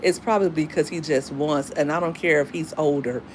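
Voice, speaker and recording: Emphatic, candid middle-aged single mom. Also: female voice, sits low, fairly even intonation, a little fast, slight background noise. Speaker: single mother giving dating advice. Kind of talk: casual monologue.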